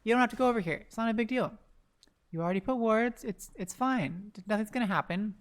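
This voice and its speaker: Calling the action live, this esports commentator talks at a breakneck, excited clip in a mid-range voice. He yells out loud exclamations, speaks directly to the players on screen, and throws in self-deprecating remarks.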